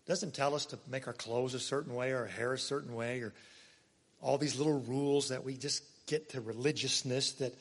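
A pastor delivering a conversational sermon, swinging between loud emphasis and soft, quiet asides. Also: male voice, medium pitch, fairly even intonation, normal speed. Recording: long hall reverb.

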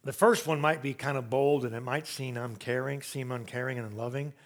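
A man preaching a sermon, telling stories and acting out quotes, swinging from loud rising emphasis to very soft low tones. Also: fairly even intonation, fairly quick. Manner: storytelling preacher who acts out quotes. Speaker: pastor.

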